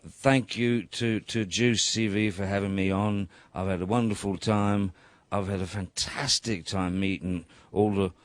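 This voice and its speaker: Cheeky rogue, played by an actor, low-voiced, rambling, theatrical, close dry sound. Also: male voice, dry recording, natural voice. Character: roguish light-fingered man, cheeky and rambling. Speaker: actor staying in character.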